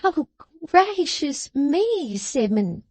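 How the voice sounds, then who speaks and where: A woman's voice: high-pitched, big pitch swings, drawn-out words, darkish tone, dry recording, voice pushed up, full character voice. A woman voicing a spiteful, gossiping young maidservant who gushes with mock astonishment. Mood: gossipy, affected. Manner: sniffing, gushing, mock-astonished.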